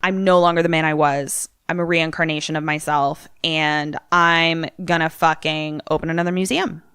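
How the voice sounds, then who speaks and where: A woman's voice: low-pitched, steady tone, normal speed, a bit bright, smooth, no echo, studio quality. A woman voicing a scarred, bitter man in a blunt, offhand, swearing way as she retells a film. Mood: defiant. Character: scarred, bitter man rebuilding a wax museum.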